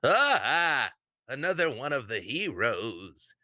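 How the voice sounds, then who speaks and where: A man's voice: mid-range voice, very animated, slow pace, pushed and bright, no room sound, clean studio sound, voice pushed up, heavily acted. A man voicing a fussy old male servant who stammers and dithers. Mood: excited.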